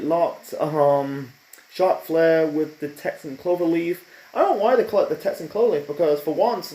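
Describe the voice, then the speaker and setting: In an echoey room, a man with a fairly high but dark-toned voice gives a casual spoken review of a wrestling show. He rambles and offers strong opinions, with plenty of fillers and restarts.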